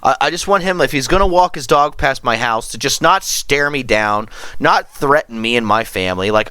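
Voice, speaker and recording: A man on a podcast tells a story in a casual, profane way and acts out the people in it. His pitch swings widely and his tone is bright. The recording is dry and close. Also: smooth, no room sound. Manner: profane, animated storytelling, acting out quotes. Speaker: podcast host.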